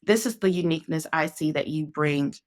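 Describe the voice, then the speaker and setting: A woman's voice: sits low, fairly quick. A woman hosting a casual conversation, telling her story in an earnest, reflective way. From Northeast Ohio, USA. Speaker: podcast host.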